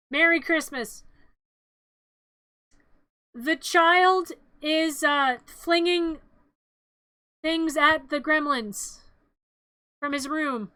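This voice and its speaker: A woman streamer giving a comedic movie recap, playful, jumping into loud excited outbursts. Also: sits high, no echo.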